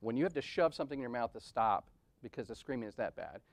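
A man's voice: medium pitch, expressive, fast, vocal fry, dry recording. A man in his forties giving a candid conference talk, telling personal stories in a self-deprecating, conversational way with frequent "right?" asides. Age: 40s. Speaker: conference speaker. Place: event venue.

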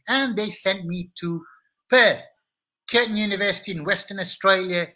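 A man's voice: high voice, pushed and bright. A middle-aged man with a Malaysian English accent, hosting a live-stream chat show and chatting with viewers by name. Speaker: talk show host.

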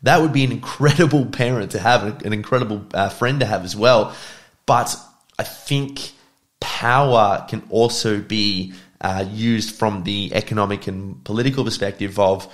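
A man's voice: on the low side, moderate pace. A man giving reflective commentary on podcast clips, thinking aloud with fillers. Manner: reflective, talks it through with fillers. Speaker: podcast reviewer.

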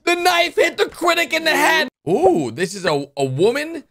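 A man hosting a reaction video, commenting in a casual, excitable, exclamatory way and talking straight to his viewers. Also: very high-pitched, moderate pace.

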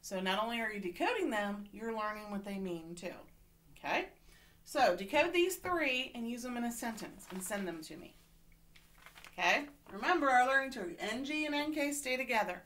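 Woman teacher, slightly high voice, patient and encouraging, walking children through a reading lesson online. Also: lively intonation, normal speed, fairly bright tone. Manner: encouraging, patient, repeats "okay?" to check in.

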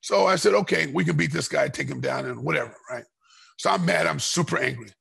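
A middle-aged man, a former fighter, telling a rambling story in a podcast interview and getting loud and heated as it goes. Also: fairly high pitch, brisk, vocal fry, husky. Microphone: podcast microphone.

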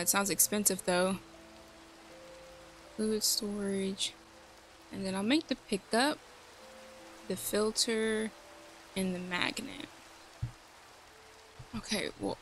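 A woman giving casual gameplay commentary, chatty and thinking aloud, joking at herself. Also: mid-range voice. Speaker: let's play host.

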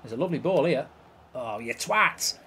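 A man commenting live on a football video game, swearing and reacting loudly to each play. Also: mid-range voice, animated, normal speed, slight background noise. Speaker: YouTube gaming host.

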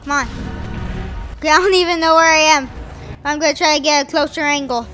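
A woman giving excitable live commentary over her own gameplay, chanting sound effects and repeating phrases as she plays. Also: high voice, fairly quick, soft background music. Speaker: gaming video host.

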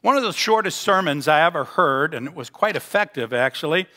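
A man delivering a sermon in a high, bright voice that rings with a long hall reverb. He tells stories and draws out key words to land a point. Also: animated. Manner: storytelling, slows for emphasis. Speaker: pastor. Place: church sanctuary.

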